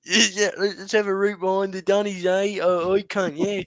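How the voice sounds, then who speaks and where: A man's voice: high-pitched, level tone, normal speed, no echo, close to an everyday voice. A man putting on a crude, randy Australian bloke in an exaggerated, boisterous drawl. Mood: leering. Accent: put-on Australian.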